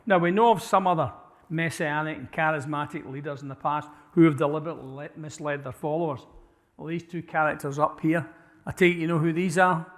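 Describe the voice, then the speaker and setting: A man presents a talk to a live church audience in a conversational way, often asking the room questions and correcting himself mid-sentence. His voice sits a little high for a man. The recording carries the long reverb of a church hall. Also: steady tone, a little fast, fairly bright tone. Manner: conversational, asks the audience questions, frequent restarts. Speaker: church speaker.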